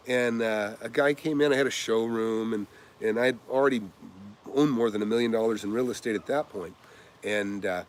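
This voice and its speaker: Energetic older man giving casual advice. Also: medium pitch, vocal fry, a little hiss or hum. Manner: energetic, rambling, many uhs, acts out quoted people. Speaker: real estate investor. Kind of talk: casual advice monologue with anecdotes.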